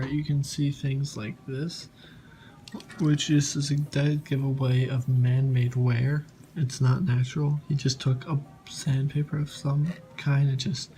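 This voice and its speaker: A man's voice: medium pitch, warm tone. A man casually showing off a guitar, rambling with fillers and restarts as he talks. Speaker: guitar vlogger. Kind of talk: casual show-and-tell. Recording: echoey room, faint music.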